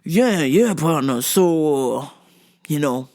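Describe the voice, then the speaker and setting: A woman's voice: deep voice, animated, slow, mellow, pitched below the performer's own voice, full character voice. A woman voicing a hesitant adult male store customer who stalls with fillers as he speaks. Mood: sheepish.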